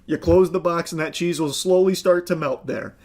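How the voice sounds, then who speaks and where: High-voiced sarcastic male commentator. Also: normal speed, darkish tone, slight background noise. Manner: sarcastic, exasperated, blunt swearing. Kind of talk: reaction commentary.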